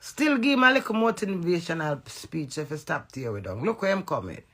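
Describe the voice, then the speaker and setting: A middle-aged Jamaican woman in a heated, profane rant aimed at her husband, confrontational and forceful. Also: on the low side, big pitch swings, brisk. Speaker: social media personality. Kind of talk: angry rant to camera.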